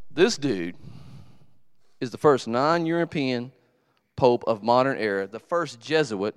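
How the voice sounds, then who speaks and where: A man's voice: medium pitch, no echo. A man preaching a casual, slangy sermon in a church. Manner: animated storytelling, slangy, with acted asides. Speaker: pastor.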